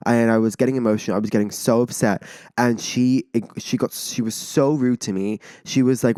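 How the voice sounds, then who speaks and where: A man's voice: medium pitch, warm tone, no room sound, clean studio sound. Indignant young man ranting on a podcast. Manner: swears a lot, fast-rising indignant outbursts, many "like" fillers. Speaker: podcast host. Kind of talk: emotional storytelling monologue.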